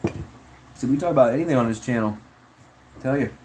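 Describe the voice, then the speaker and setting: A man's voice: medium pitch, normal speed, darkish tone, slight background noise, rough recording. A man chatting casually on a livestream, reading chat in a rambling, slangy way with frequent laughs.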